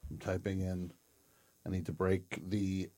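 A man hosting a casual comedy chat show, deadpan and joking, with bursts of loud laughter. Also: low voice, measured pace. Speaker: host.

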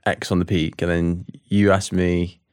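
A young British man answering interview questions in a relaxed, hesitant way with many fillers. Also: deep voice, a little slow, smooth, no echo, studio quality. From United Kingdom. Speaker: guest.

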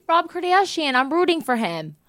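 A woman's voice: very high voice, very animated, measured pace, a bit bright. A young woman hosting a casual podcast chat, swearing freely and laughing often. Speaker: podcast host.

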